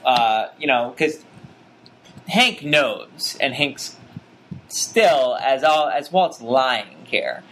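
A man chatting casually about a TV episode, rambling and animated with many restarts. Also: drawn-out words. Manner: rambling, animated, frequent restarts and pitch jumps.

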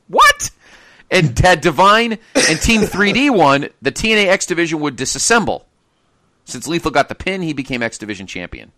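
Lively bright-voiced male podcast host. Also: on the high side, no room sound. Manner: laughs often, incredulous asides. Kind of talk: casual chat, reading match cards.

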